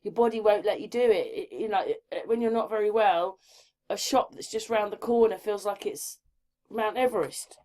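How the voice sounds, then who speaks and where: Soft-spoken chatty woman. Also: medium pitch, moderate pace. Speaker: co-host. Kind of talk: casual chat.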